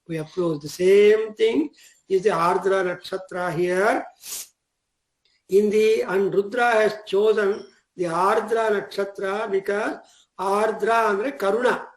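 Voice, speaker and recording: An older man lectures a class on sacred verses. His voice sits high for a man and he talks in short, deliberate phrases, lifting into chant for the Sanskrit lines. The recording carries a roomy echo. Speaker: Vedic teacher.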